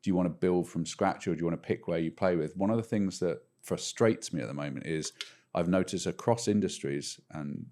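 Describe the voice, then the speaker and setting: A man's voice: sits low, a little fast, warm tone. A middle-aged man co-hosting a podcast, chatting casually and animatedly, often restarting his sentences mid-thought. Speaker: podcast co-host. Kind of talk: casual chat.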